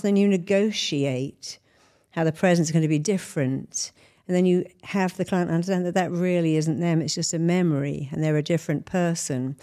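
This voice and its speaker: Low, mellow-voiced woman therapist explaining. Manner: explanatory, uses examples and analogies. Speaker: therapist and hypnotist guest. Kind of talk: interview answers.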